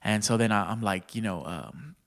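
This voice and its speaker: A man's voice: fairly low pitch, normal speed, a bit bright. A man from Texas, a stand-up comedian, telling stories casually on a podcast in profane slang and laughing often.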